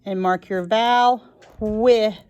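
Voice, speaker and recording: A woman teaching a phonics lesson to young children, sounding out each word slowly and clearly. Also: mid-range voice, steady tone, a little mellow, a little hiss or hum. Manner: slow and clear, sounding out words.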